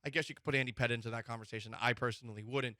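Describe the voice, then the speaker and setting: A man's voice: mid-range voice, racing, no room sound, studio quality. A man hosting a sports talk show, opinionated and joking. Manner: animated, mock-emotional, joking.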